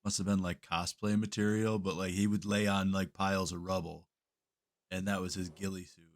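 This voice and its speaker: A man's voice: low voice, little pitch movement, normal speed. A man co-hosting a podcast in a laid-back, profane casual chat, chuckling between remarks. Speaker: podcast co-host.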